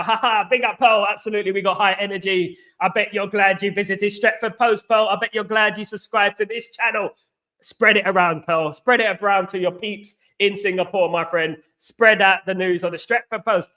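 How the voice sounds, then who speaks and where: On his casual football live stream, the channel host reads viewer comments and chats along, rambling and repeating things. He speaks in a high, pushed, bright voice.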